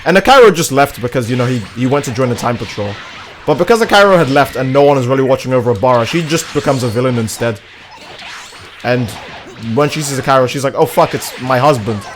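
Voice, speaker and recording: A man's voice: mid-range voice, expressive, fast talker, a little hiss or hum. Rambling young man on a stream. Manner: rambling, crude, joking. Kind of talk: casual livestream chat while gaming.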